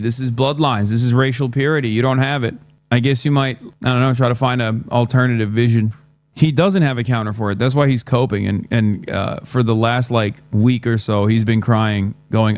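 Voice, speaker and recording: A man's voice: medium pitch, brisk, darkish tone, no room sound. A man doing livestream commentary, blunt and sarcastic, often swearing. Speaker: streamer.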